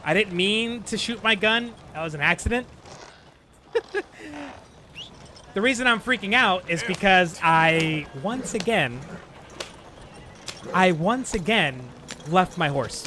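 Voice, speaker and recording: A man streaming a video game live, chatting casually and getting excitable, swearing and laughing at his own mistakes. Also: high voice, slow pace, long pauses, slight background noise. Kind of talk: live gameplay commentary.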